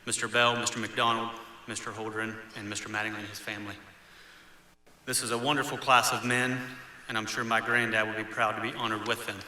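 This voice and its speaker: A man's voice: mid-range voice, bright, forceful tone, slight background noise. A man giving a prepared speech at an honors event, formal with self-deprecating asides. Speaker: family member accepting an honor. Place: event hall. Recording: roomy echo with faint ambience.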